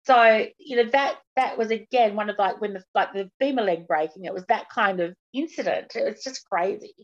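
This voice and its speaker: A woman guest speaking candidly in an interview, halting and often restarting her sentences. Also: mid-range voice, dull audio. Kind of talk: personal interview.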